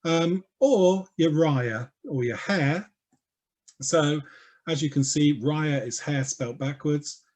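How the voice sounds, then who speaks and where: A man gives an educational talk with a somewhat high voice. He explains things in a lively, playful way and often adds quick side remarks. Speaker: speaker on language history.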